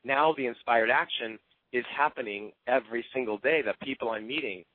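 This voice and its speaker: A man's voice: mid-range voice, brisk, breathy edge, dry recording. A man giving an earnest, openly emotional motivational talk as a team coach. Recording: tinny phone-line sound.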